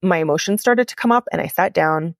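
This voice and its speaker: Woman, low voice, candid confessional storytelling, dry close sound. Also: brisk, creaky, no room sound. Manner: candid, confessional, heavy use of "like". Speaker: podcast host and coach. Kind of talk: personal storytelling monologue.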